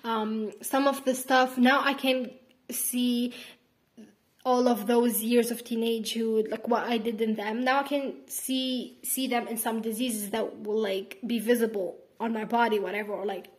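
A woman's voice: a little high, steady tone, measured pace. An eighteen-year-old woman hosting her own podcast, rambling casually with lots of fillers and calling her listeners sweetie. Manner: chatty and rambling, heavy on "like" and "whatever"; affectionate toward listeners, calls them sweetie. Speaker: podcast host. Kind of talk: casual solo podcast monologue.

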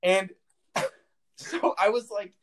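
A young man tells a long story in relaxed chat, giggling as he goes. His voice sits a little high for a man. He stumbles over fillers and restarts. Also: extremely slow, a little hiss or hum.

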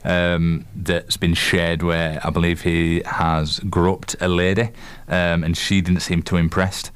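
Man, Yorkshire accent, very deep voice, smooth resonant tone, halting casual sports chat. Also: level tone. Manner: halting, lots of fillers and restarts. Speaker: co-host and quiz master.

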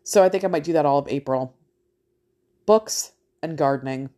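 A woman's voice: low voice, moderate pace, mellow. A middle-aged woman ranting casually to her followers, blunt and profane, with laughing asides. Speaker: vlogger. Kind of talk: casual rant to camera.

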